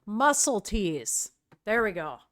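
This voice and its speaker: A middle-aged woman chats casually and ramblingly with viewers on a live stream, often searching for words. Her medium-pitched voice is slow and a bit bright, with big pitch swings, captured in a dry, clean studio recording.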